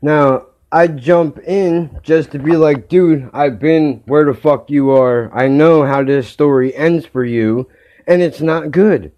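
A man's voice: a little high, takes it slowly, muffled recording, a little hiss or hum. A man hosting his own podcast, telling a story in a heated rant and swearing constantly. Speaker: podcast host.

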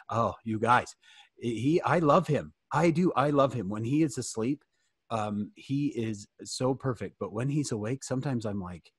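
A man in his forties at home, giving a humorous storytelling talk to teenagers, animated and joking, calling on listeners by name. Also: on the low side, moderate pace, husky, no echo, studio quality. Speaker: youth fireside speaker.

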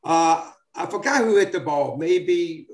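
A former baseball player in his seventies, appearing as a guest, casually rambles through old sports stories full of fillers and restarts. His voice is a little high and expressive, his pace measured, and the recording has a roomy echo.

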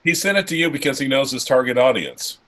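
A man's voice: medium pitch, lively intonation, fast talker, over a noisy crowd, low-quality recording. Man making dry wisecracks on a livestream. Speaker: livestream co-host. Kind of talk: casual livestream chat.

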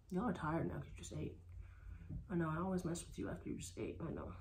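Expressive and a little mellow, a woman with a voice on the low side talks quickly while narrating her casual vlog. She's a dog breeder from Texas who uses sweet baby talk, and the echoey room carries faint noise.

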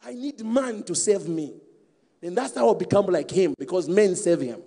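High-voiced preacher in an echoing hall. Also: male voice, moderate pace. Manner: animated, calls out to the congregation. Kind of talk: sermon.

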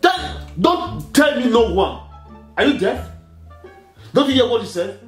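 A middle-aged man playing a strict father in a comedy skit, loudly scolding and firing indignant questions. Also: very high-pitched, lively intonation, a little slow. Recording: echoey room with music behind.

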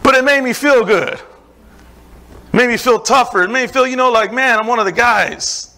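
A man's voice: very high voice, moderate pace, creaky, pushed and bright. A middle-aged man preaching a sermon as pastor, with an emphatic, repetitive cadence and casual asides.

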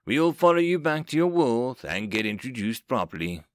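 A man's voice: medium pitch, very animated, no room sound, clean studio sound, lightly acted. A man voicing a robotic-sounding recorded greeting message that speaks formally and evenly in an audiobook reading. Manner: formal, measured.

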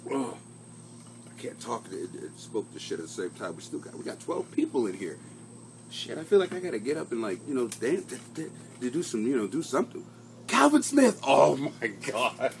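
A man's voice: mid-range voice, big pitch swings, a little fast, a little mellow, slight background noise. A middle-aged man hosting his own comedy podcast from a home basement, chatting casually in a profane, rambling, self-mocking way. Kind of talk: casual live-stream chat.

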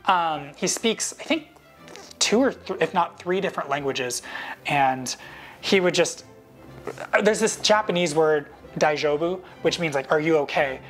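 Animated man telling set stories. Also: measured pace, soft background music. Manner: animated, jumps up in pitch to act out quoted lines. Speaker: actor recounting behind-the-scenes stories. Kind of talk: casual storytelling to camera.

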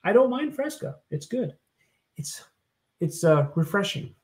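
A man's voice: high-pitched, very animated, a little slow. A man co-hosting a podcast in laid-back, joking casual chat. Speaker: podcast co-host.

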